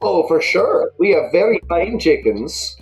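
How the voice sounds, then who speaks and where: Woman doing a deep gnome with a Nordic accent. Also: sing-song, a little slow, gravelly, darkish tone, faint music behind, full character voice, rough recording. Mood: curious. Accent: put-on Nordic accent. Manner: formal, questioning. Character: courteous deep gnome host, male.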